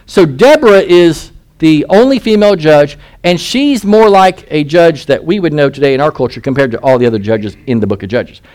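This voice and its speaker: A man's voice: on the high side, animated, brisk, hardly any pauses, darkish tone. A male pastor giving an expository sermon, reading scripture aloud and putting rhetorical questions to his listeners.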